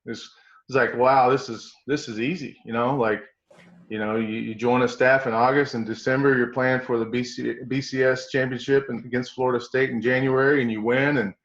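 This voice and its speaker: A middle-aged man with an East Tennessee Southern accent recounts his coaching career in a folksy, animated way. His voice sits at an ordinary pitch. The recording is roomy and a bit dull. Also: brisk. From East Tennessee, USA. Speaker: strength coach guest. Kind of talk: storytelling interview.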